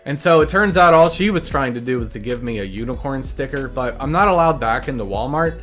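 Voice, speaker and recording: Man, comedic recap host, deadpan rambler with side stories, mid-range voice. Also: medium pitch, fairly quick, soft background music. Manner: deadpan, meandering storytelling with asides.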